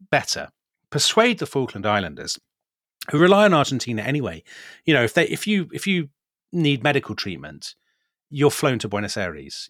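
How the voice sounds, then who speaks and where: A man telling a history story in a casual podcast conversation, animated and often laughing as he talks. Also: mid-range voice, dry recording, clean studio sound. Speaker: guest storyteller explaining history.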